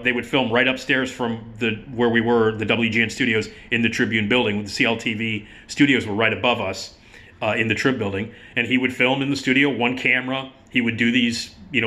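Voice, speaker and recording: A man's voice: medium pitch, sharp tone. A middle-aged man hosting an online film show, talking casually to the camera in a rambling, conversational way with many restarts.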